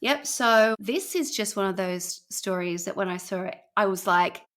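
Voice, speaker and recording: A woman's voice: mid-range voice, lively intonation, normal speed, a bit bright. A woman telling a story on a podcast in a chatty, rambling way with plenty of fillers. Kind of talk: conversational storytelling.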